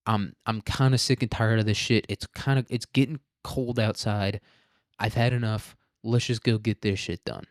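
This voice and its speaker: A man's voice: fairly low pitch, fairly even intonation, moderate pace, no echo, studio quality, lightly acted. A man voicing a blunt, irritated young Puritan man who swears and brushes people off. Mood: annoyed. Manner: gruff, swearing, dismissive.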